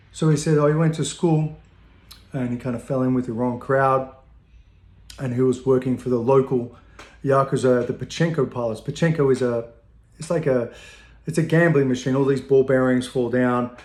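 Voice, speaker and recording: A man in the middle of his pitch range tells a long personal anecdote in an easy, wandering way, swearing now and then and chuckling at his own story. His voice rings off the walls of an echoey room. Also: steady tone, normal speed, pauses often, darkish tone. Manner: rambling, loose and profane, laughing at his own tale.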